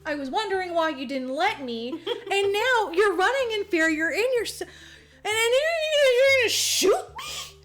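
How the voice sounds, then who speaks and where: A woman's voice: a little high, brisk, hardly any pauses, natural voice. A woman doing a petulant giant Godzilla. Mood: petulant outrage. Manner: petulant, exaggerated, loud. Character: giant sulking male lizard monster. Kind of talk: comic movie recap.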